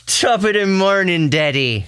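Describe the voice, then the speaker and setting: Guy putting on a tiny irish baby voice, way up high, sing-songy brogue, super cheery. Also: expressive, unhurried, a bit bright, smooth. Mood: chirpy. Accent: put-on Irish. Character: cheerful newborn baby boy, little stereotypical Irishman.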